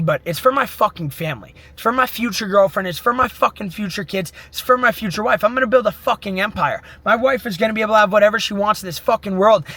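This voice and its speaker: A man's voice: high-pitched, pushed and bright. Intense profane young man coaching. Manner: intense, profane, self-pep-talking. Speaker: mindset coach. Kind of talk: motivational monologue.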